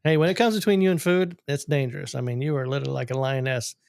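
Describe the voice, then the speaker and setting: A man's voice: mid-range voice, quick pace, creaky, a little mellow, clean tone, no echo, studio quality. A middle-aged man co-hosting a podcast in casual chat, with joking, playful banter. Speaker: podcast co-host.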